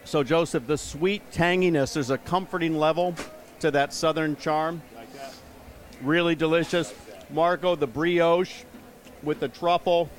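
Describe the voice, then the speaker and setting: High-voiced racing analyst man. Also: steady tone, a little slow. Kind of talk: live motorsport commentary.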